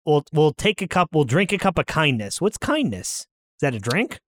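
Guy co-hosting a podcast, reads lyrics out and jokes, pretty animated, dry mic. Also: a little high, moderate pace, no echo. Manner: reads lyrics aloud, jokey. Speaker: podcast co-host. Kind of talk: casual chat.

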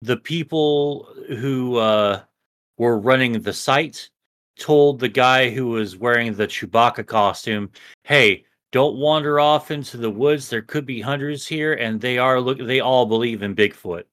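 A man co-hosting a casual podcast, rambling and swearing a lot, a little high as he talks. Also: a little slow, fairly bright tone. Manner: rambling, profane, restarts a lot. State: a bit high. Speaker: podcast co-host. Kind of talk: casual chat.

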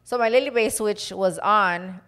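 A woman's voice: medium pitch, measured pace. A woman in her thirties co-hosting a podcast, telling a story in casual chat and acting out other people's voices, slipping in Spanish phrases. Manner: animated storytelling, acts out quoted voices, mixes in Spanish phrases. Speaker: podcast co-host.

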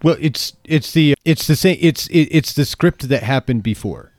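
Blunt, halting man co-hosting a podcast. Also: a little high, expressive, darkish tone, no echo. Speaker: podcast co-host. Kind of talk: political commentary podcast.

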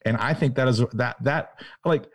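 A man's voice: mid-range voice, normal speed, dry recording, studio quality. A man talking casually and earnestly, with emphatic stresses and many restarts. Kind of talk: casual chat.

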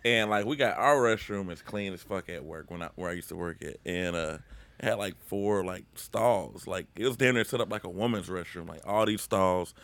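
A man telling a crude story with loud, animated energy in a casual chat. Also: low-pitched, moderate pace, no room sound.

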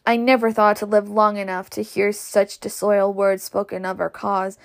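A woman's voice: medium pitch, level tone, normal speed, gravelly, natural voice. A woman voicing a stout, indignant older matron who scolds self-righteously.

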